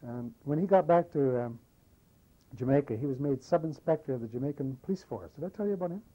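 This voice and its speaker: An older man recounting wartime memories in an oral history interview, a lively storyteller who acts out the dialogue. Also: mid-range voice, fast talker, highs cut off. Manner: lively anecdotal storyteller, animates quoted dialogue. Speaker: war veteran interviewee.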